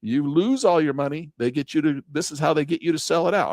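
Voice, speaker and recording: A man's voice: fairly high pitch, fast, few pauses, a little mellow, dry recording, studio quality. Folksy man teaching chart trading. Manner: emphatic, folksy, chanting repeated words. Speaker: trading instructor. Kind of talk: casual chart walkthrough lesson.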